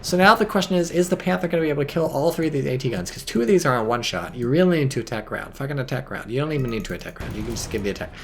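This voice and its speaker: A man giving casual, rambling game commentary full of swearing, tired and a bit drunk, with sudden bursts of excitement. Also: medium pitch, very fast, creaky, few pauses, a little hiss or hum.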